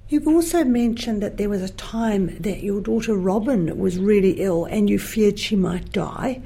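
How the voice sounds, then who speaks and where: A woman hosting a radio interview who asks soft, gentle questions. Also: medium pitch, a little slow, breathy edge.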